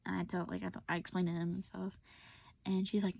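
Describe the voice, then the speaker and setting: A woman's voice: on the low side, flat delivery, fairly quick, vocal fry, darkish tone, slightly rough, no echo. A young woman telling a personal story in a rambling, casual way with lots of filler words, often half-whispered, recorded on a phone. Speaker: vlogger.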